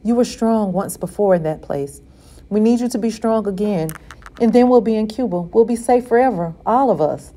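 A woman voicing a gentle mother who speaks softly and comfortingly. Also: medium pitch, normal speed, close to an everyday voice. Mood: soothing. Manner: soft, comforting.

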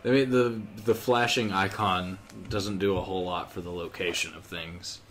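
Man, gaming co-host, low voice, wry sarcasm, giggles, faint background noise. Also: fairly even intonation, normal speed, a bit bright. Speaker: let's play co-commentator. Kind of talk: casual gaming commentary.

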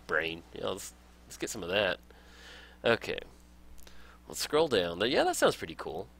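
A man's voice: deep voice, huge pitch swings, measured pace, creaky, fairly bright tone. A young man casually talking through a strategy game as a let's play host, upbeat and enthusiastic, laughing often. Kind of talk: casual game tutorial commentary.

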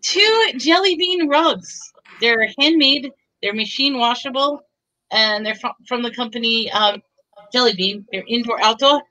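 Bubbly woman with a bright voice pitching deals. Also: unhurried, rough recording. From Texas. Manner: chatty, bubbly, pushes deals. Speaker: seller on a live online auction. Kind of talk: live sales pitch.

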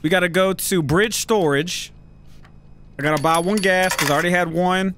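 A man's voice: sits high, steady tone, moderate pace, background noise. A young adult American man giving profane, joking commentary as he plays a video game and reads game text aloud. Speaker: gaming YouTuber.

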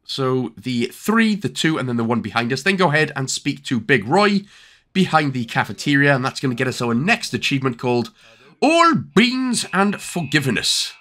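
Chatty young Welsh gaming commentator. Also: male voice, medium pitch, animated, a little fast, fairly bright tone. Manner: chatty and jokey, with filler-heavy instructions. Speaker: gaming YouTuber. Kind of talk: game walkthrough commentary.

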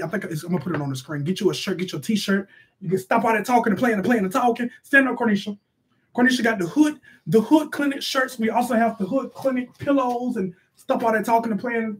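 Man playing a high-voiced bossy mother, sassy, scolding, slangy, comedy sketch. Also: far from the mic, lightly acted. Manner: shouty scolding, slangy, fast rants. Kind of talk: improvised comedy sketch, live-stream parody.

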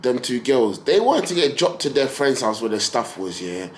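A man's voice: medium pitch, sing-song, normal speed, a little hiss or hum. A man, chatting casually with friends as a vlogger, telling stories in street slang and swearing freely. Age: 20s.

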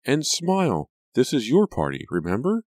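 A man voicing a naive, gushing teenage girl of the old South, raising his voice higher for her. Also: huge pitch swings, normal speed, darkish tone, dry recording, clean studio sound.

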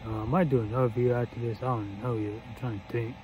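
A man hosting a casual reaction vlog at a medium pitch. He talks in a laid-back, slangy way and laughs often between thoughts. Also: fairly even intonation, fast talker, background noise. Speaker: reaction channel host.

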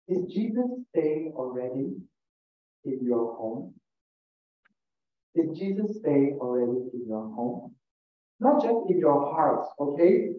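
A man, a priest, gives a lively, informal scripture reflection, voicing Jesus' words as he tells the story. His voice sits fairly high. The sound comes over a narrow, phone-like video call, distant and echoey. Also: slow, long pauses, a little hiss or hum. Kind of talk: informal sermon.

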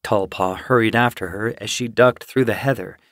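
A man narrating an audiobook in a measured storytelling manner. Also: lowish voice, dry recording, studio quality. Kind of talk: scripted narration.

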